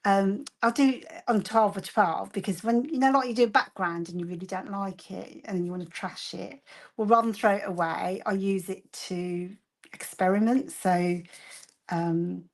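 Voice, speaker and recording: A woman's voice: mid-range voice, steady tone, moderate pace. Woman, Birmingham accent, casual crafting chat, rambling, full of fillers. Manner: chatty and rambling, with frequent fillers and laughter. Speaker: co-host of a craft shop live show.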